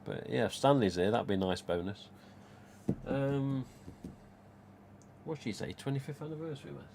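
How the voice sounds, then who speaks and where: A man chats loosely on a live stream, wandering from point to point and reading viewers' messages aloud. His voice sits a little low. A faint hiss of room noise runs under the recording. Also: measured pace, vocal fry, a little mellow. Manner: chatty, rambling, reads viewer comments aloud. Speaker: live stream host, mask collector. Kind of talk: casual live stream chat.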